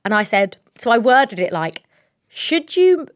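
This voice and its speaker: A young woman co-hosting a podcast, telling a story in a rambling, animated way with lots of fillers. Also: on the high side, measured pace, smooth, dry recording, clean studio sound. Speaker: podcast co-host. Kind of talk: casual storytelling chat.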